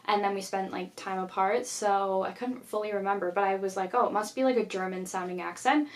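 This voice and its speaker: A woman's voice: medium pitch, fairly even intonation, brisk. Young woman, casual vlog chat, lots of fillers, talking to camera. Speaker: YouTuber.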